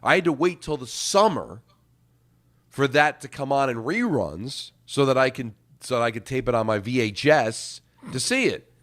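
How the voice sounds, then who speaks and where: A man's voice: medium pitch, expressive, normal speed, a bit bright. A middle-aged man, hosting sports talk radio and rambling, repeating words as he thinks.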